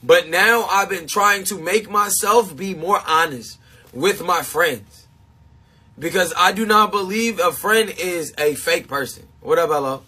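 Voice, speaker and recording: Guy on a livestream talking slow to his fans, high breathy voice, keeps repeating himself. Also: bright, forceful tone, soft background music. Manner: emphatic and confessional, repeats himself; laughs often between points. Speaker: live streamer talking to supporters. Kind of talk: casual livestream chat.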